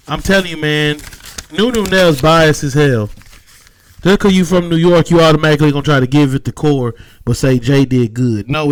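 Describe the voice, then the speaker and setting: A man's voice: a little high, clear, resonant tone, no echo. A man with a Southern American accent giving a loose, slangy recap of rap battles, with emphatic verdicts. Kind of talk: casual recap commentary.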